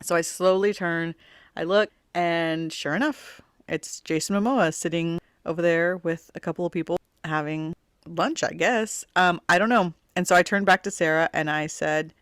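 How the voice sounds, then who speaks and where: A woman's voice: fairly low pitch, steady tone, normal speed, a bit bright, smooth, dry recording, studio quality. A middle-aged woman hosting her own podcast, telling a personal story in a rambling, chatty way, full of "like", with a wistful, grieving undertone. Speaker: podcast host.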